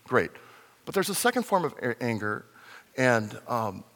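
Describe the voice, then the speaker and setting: A man preaching a conversational sermon as a pastor, animated and sometimes acting out the voices in the story. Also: medium pitch, a little slow, long reverb tail. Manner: conversational, animated, acts out voices in his retelling.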